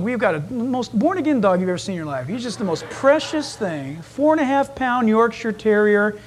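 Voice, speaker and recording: Male preacher, very high voice, lively storyteller who acts out voices. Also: husky. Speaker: pastor. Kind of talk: sermon.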